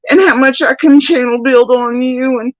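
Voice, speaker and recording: A woman mockingly imitating a whiny, manipulative woman streamer in a shrill, pleading voice. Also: moderate pace, no echo, highs cut off, natural voice. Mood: mocking whine. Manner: sarcastic mimicry.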